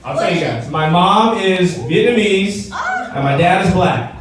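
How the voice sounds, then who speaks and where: A man's voice: high voice, wildly swooping pitch, unhurried. A young man doing a stand-up comedy set, chatting loosely and joking with the audience. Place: event venue before a live audience. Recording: echoey room from far off, loud crowd.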